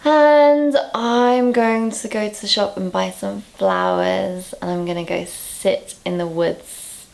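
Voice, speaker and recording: Breathless, slow-talking young woman vlogging. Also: mid-range voice, fairly even intonation, gravelly, a little mellow. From England. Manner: chatty, candid, laughs at herself, swears casually. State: out of breath, low on energy. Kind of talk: casual vlog to camera.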